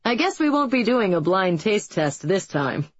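A woman's voice: medium pitch, big pitch swings, normal speed, husky, no room sound, muffled recording. A woman voicing an upbeat, joking male reality TV host with a breezy, wry delivery.

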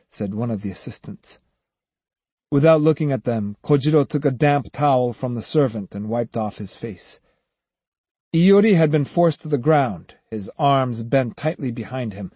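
A man narrating an audiobook, in a measured, expressive storytelling voice on a close studio mic. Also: medium pitch, husky, no echo. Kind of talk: scripted narration.

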